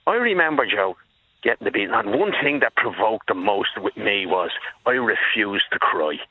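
Man, 60s, Dublin accent, husky, lively up-and-down delivery, tinny phone line. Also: fairly low pitch, normal speed, no echo. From Dublin, Ireland. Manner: emphatic, keeps addressing the host by name. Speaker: caller. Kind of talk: phone-in storytelling.

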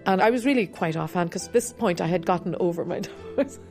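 A woman's voice: lowish voice, fast, faint music behind. Woman harp teacher, candid and reflective, being interviewed for radio; faint harp underneath. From Ireland. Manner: candid, reflective, with soft laughs.

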